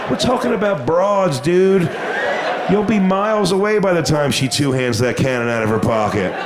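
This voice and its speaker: A man doing a stand-up comedy routine, telling a crude story with punchlines that build to shouting. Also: mid-range voice.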